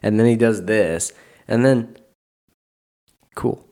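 A man's voice: fairly low pitch, slow pace, darkish tone. A man hosting a casual podcast, joking around and asking questions. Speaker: podcast host.

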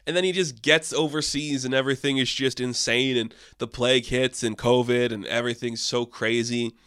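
A young man talks through a film review for his channel in a loose, animated way, throwing in the odd curse and playful quoted asides. His voice is bright and forceful at a middle pitch. The sound is close and dry. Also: no room sound. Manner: animated, swearing, quotes people in acted asides. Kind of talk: casual film review monologue.

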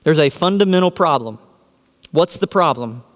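A man preaching in a church, his fairly high voice ringing through the long reverb of a large hall. He keeps firing rhetorical questions at the congregation and answering them himself, leaning hard on his key points. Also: lively intonation, normal speed. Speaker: pastor. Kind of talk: sermon.

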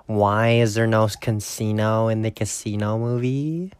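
A man's voice: fairly low pitch, fairly even intonation, measured pace, a little mellow, clear, resonant tone, dry recording. A man recapping a movie in a casual, rambling way, blunt and full of swearing. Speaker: movie reviewer.

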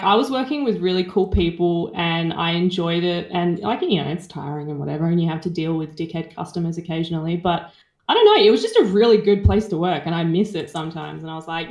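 A woman co-hosting a podcast, cheerful and quick to laugh. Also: fairly low pitch, expressive, darkish tone. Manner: laughs easily, cheerful, trails off. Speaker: podcast co-host. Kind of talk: casual chat. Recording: roomy echo.

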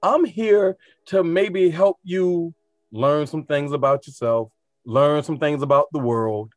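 Animated man teacher, dry close sound. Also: fairly high pitch, slow pace, dry recording. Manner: animated, talks in rhetorical questions. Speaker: art teacher. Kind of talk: casual podcast conversation.

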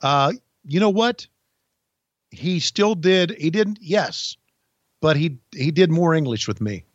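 A man with a slightly high voice tells folksy stories in a relaxed chat, often restarting his sentences. The sound is dry and a little dull, like a lo-fi podcast mic. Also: no room sound. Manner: folksy storyteller, halting restarts. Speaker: podcast co-host, former wrestling insider. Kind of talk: casual chat, storytelling.

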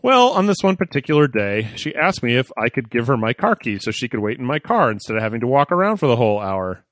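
Lively man reading a letter, dry sound. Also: medium pitch, fast talker, no room sound. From Oklahoma, USA. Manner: lively, chuckling reader. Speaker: podcast host. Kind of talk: casual podcast chat, reading a listener letter aloud.

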